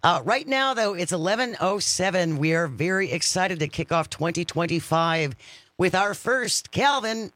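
A man's voice: high voice, moderate pace, no echo. A man hosting a live radio show from a studio, talking in an upbeat, chatty way as he leads an interview. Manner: upbeat, chatty, lively intonation. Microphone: studio microphone.

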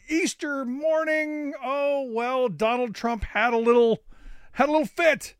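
High-pitched sarcastic male radio host. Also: gravelly, no room sound, clean studio sound. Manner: sarcastic, animated, many filler "uh"s. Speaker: radio talk show host. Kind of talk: political talk radio commentary.

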